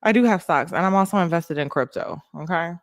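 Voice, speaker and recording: A young adult woman hosting a casual livestream, animated and laughing as she thanks viewers by name. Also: on the low side, brisk, dry recording, clean studio sound. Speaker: livestream host.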